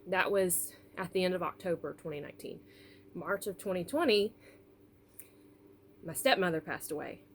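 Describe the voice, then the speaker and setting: A woman's voice: on the low side, a little hiss or hum. Tearful woman telling a personal story. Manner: emotional, apologetic, halting with fillers. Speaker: doll collector vlogger.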